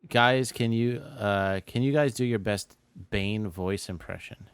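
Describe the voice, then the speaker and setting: Brief: low-voiced male co-host, smooth and resonant, relaxed with fillers. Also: unhurried, dry recording. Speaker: podcast co-host reading listener questions. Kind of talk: casual chat.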